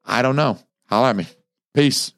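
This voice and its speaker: A man's voice: mid-range voice, moderate pace, dry recording. A male podcast host giving a casual solo movie review, rambling with plenty of fillers, restarts and swearing.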